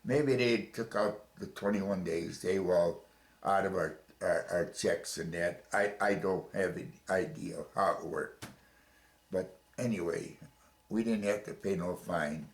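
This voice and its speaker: An older man recounts his memories in an interview at home, his very low voice full of gravel. He stops and restarts often, repeating words as he goes. The room gives his voice a noticeable echo. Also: measured pace. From Chicago, USA. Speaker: veteran interviewee. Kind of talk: oral history interview.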